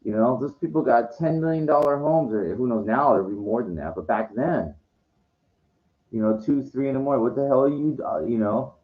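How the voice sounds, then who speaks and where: A man with a mid-range voice speaks a little fast in a vlog, rambling on in a monologue that meanders and curses. Fillers such as "you know" and "like" crop up constantly, and the recording is dull and lo-fi.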